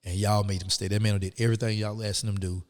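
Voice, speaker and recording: This man talks very fast in a fairly low voice, his words echoing through a large hall. As a guest in a relaxed interview, he recounts his story with animation, playing out the people he quotes.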